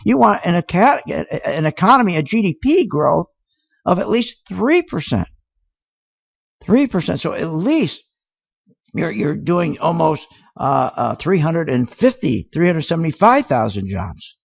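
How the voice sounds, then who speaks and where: A man's voice: on the high side, big pitch swings, a little slow, gravelly, dry recording. A man hosting a radio talk show, ranting indignantly with rhetorical questions, heard through a dull lo-fi radio sound. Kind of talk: opinionated radio talk on markets.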